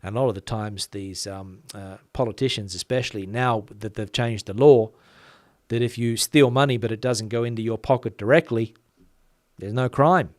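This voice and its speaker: A man from Western Australia with a softened Australian accent, hosting a casual chat, reading out viewer comments and talking quickly with lots of fillers. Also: lowish voice, dry recording, clean studio sound. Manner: chatty, many fillers, talks fast. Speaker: channel host.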